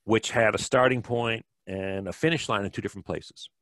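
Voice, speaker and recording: Middle-aged Wisconsin man, podcast guest, low voice, dry close sound, rambling storyteller. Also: brisk, a bit bright, no echo. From Wisconsin, USA. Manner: rambling, many fillers and restarts. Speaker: podcast guest, bike fitter. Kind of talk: casual storytelling.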